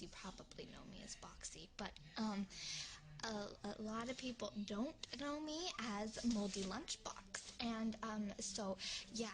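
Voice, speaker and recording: A young woman rambling in a webcam vlog, giggly and scattered, swinging between whispers and shouts. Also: on the high side, poor audio. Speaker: vlogger.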